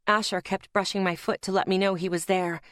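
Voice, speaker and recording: A woman's voice: medium pitch, flat delivery, fairly quick, a bit bright, dry recording. Tense woman audiobook narrator, dry sound. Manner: tense, dramatic storytelling. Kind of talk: first-person audiobook narration.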